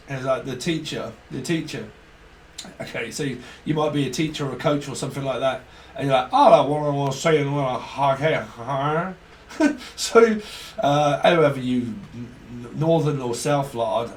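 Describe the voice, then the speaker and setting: A medium-pitched man speaking a little fast gives a rambling, joke-filled tarot reading full of free association. The off-mic recording is distant, echoey, and carries a faint hiss.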